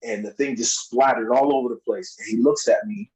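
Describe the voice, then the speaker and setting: Appearing as a podcast guest, a man tells wrestling stories in a casual, animated way, laughing often and raising his voice to act out other people's lines. His mid-range voice moves fairly quickly, and the audio is poor.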